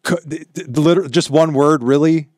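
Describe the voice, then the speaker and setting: A man's voice: fairly high pitch, normal speed, darkish tone, no room sound, clean studio sound. A man hosting a casual chat, exasperated and emphatic, who swears a lot. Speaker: host.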